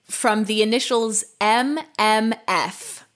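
A woman co-hosting a comedy podcast, joking and reading reviews aloud in an animated way. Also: on the high side, slow. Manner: animated, mock-earnest reading. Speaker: podcast co-host.

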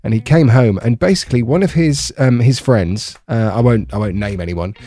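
A man co-hosting a podcast from a bedroom at home, chatting casually and telling stories with lively pitch jumps. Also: normal speed. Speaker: podcast co-host. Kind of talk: casual chat.

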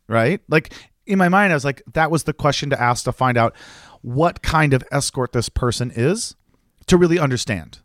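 A young man in casual chat, telling a story with animated quoted voices. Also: on the high side, moderate pace, no room sound, clean studio sound. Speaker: podcast co-host.

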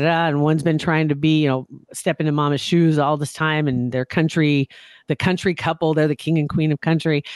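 A woman's voice: low-pitched, no echo. A woman co-hosting a talk show in casual chat, chatty and self-deprecating, often restarting her sentences. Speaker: podcast co-host.

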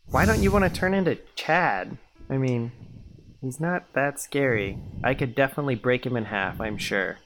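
A man voicing a brash, excitable teenage schoolboy in role-play, rambling and full of "like" and "dude". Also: medium pitch, normal speed, faint music behind, natural voice.

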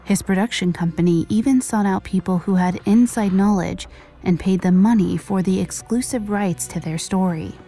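Lady narrating true crime, slow dramatic pauses, kinda dark voice. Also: fairly low pitch. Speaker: podcast narrator.

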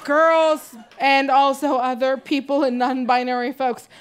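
A young adult woman performing a stand-up set live, animated and laughing, jumping to high squeals on punchlines. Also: unhurried. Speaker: stand-up comedian. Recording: live club mic with faint crowd noise.

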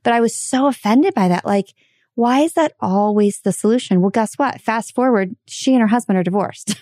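Animated American woman telling stories. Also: a little high, normal speed, dry recording, clean studio sound. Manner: animated storyteller, laughs mid-story. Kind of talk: casual chat.

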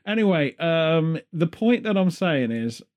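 A British man in casual conversation, his voice sitting a little higher than most men's. He rambles from point to point with a jokey, offhand manner. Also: sing-song, measured pace, highs cut off. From United Kingdom. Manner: rambling, jokey, slips into silly put-on voices. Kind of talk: casual chat.

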